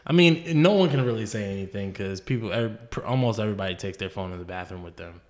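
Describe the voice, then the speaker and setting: Low voice dude on a podcast, mostly just reacting, dry one-liners. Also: male voice, quick pace, a little mellow. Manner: short reactions, dry interjections. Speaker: podcast co-host. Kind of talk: casual chat, listening.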